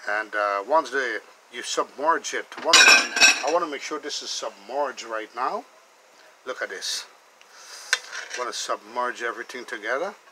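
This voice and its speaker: A man's voice: mid-range voice, moderate pace, very noisy. A man hosting a cooking video, chatting enthusiastically as he cooks and tells stories. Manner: chatty, enthusiastic, calls the food "bad boy". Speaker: cooking channel host. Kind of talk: casual cooking demonstration with storytelling.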